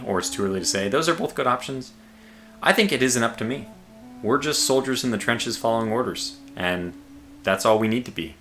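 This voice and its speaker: Male streamer, lowish voice, forceful edge, rambly thinking-out-loud commentary. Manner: rambling, thinks aloud with many fillers; calls himself a quiet guy. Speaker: game streamer. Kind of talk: casual livestream commentary.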